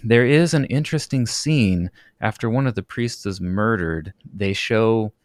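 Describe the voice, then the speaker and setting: A man with a fairly low voice leads a podcast talk, pausing and restarting as he finds his words. He often turns to the others with questions, and his voice sounds dry and close to the mic. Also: no echo. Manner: halting, hesitant, questioning. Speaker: podcast co-host. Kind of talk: casual podcast discussion.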